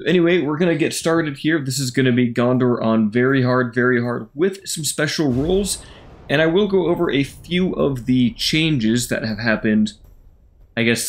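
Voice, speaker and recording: A man casually talking through a strategy game campaign as he plays, rambling and thinking aloud with fillers. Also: mid-range voice. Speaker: gaming YouTuber. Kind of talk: casual gameplay commentary.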